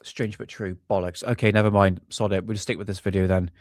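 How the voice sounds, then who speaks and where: A man's voice: deep voice, flat delivery, fast, darkish tone, no echo, clean studio sound. A man hosting a UFO live stream, rambling casually and swearing while he hunts for videos. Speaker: UFO channel host.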